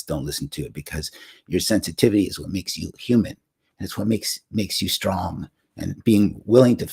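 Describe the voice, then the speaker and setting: Man in his sixties, low-pitched, husky, reflective storyteller, halting with fillers and restarts. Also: darkish tone. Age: 60s. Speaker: singer-songwriter hosting a livestream. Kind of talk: personal storytelling.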